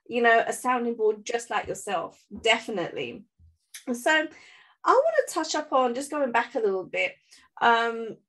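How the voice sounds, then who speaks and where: A woman's voice: on the high side, fairly bright tone. Chatty woman hosting a business podcast. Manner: chatty, quotes herself with "I'm like". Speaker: podcast host. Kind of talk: casual interview chat.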